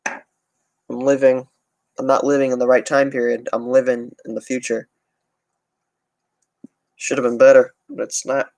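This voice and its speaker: A man's voice: medium pitch, flat delivery, unhurried, vocal fry, long pauses, darkish tone, no room sound. A young man, talking loosely on a livestream, rambling and swearing often. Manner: rambling, heavy swearing, restarts. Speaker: transit channel streamer. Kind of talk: casual livestream chat.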